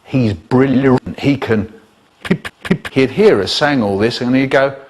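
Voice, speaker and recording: A man telling a children's story in a lively, expressive way, with spoken sound effects and stuttering repeats from a chopped-up comedy remix. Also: medium pitch, a little slow, slight background noise.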